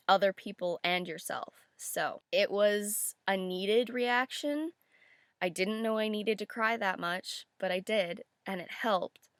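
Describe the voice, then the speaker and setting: A woman's voice: fairly low pitch, fairly bright tone, clear, resonant tone, no echo, studio quality. A woman talking to camera in a casual reaction vlog, candid and rambling, swearing freely. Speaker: YouTube reactor.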